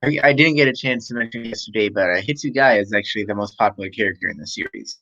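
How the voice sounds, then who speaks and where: A man's voice: fairly low pitch, fast, pushed and bright, no echo. Easygoing man on a dull, lo-fi call. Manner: easygoing, moderating, asks the questions. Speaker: co-host leading the discussion. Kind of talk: casual discussion stream. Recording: dull lo-fi sound over an unstable online call.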